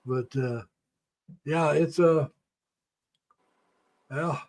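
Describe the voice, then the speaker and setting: A man's voice: on the high side, drawn-out words, darkish tone. An older man hosting a casual live stream, telling rambling, folksy stories about the past and greeting viewers by name. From United States.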